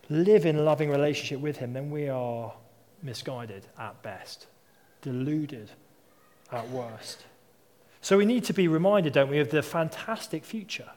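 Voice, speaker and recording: A man's voice: fairly high pitch, darkish tone. A man in his thirties or forties preaching a sermon, telling stories in a conversational way and asking rhetorical questions. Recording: long hall reverb.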